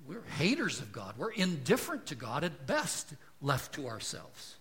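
A man preaching a sermon to a congregation, asking rhetorical questions and moving between hushed, soft passages and loud, emphatic lines. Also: fairly high pitch, wildly swooping pitch, moderate pace. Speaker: pastor. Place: church.

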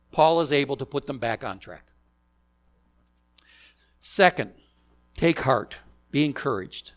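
Slow, deliberate preaching man. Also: mid-range voice. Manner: deliberate preaching, rhetorical questions to the congregation. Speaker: pastor. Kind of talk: sermon.

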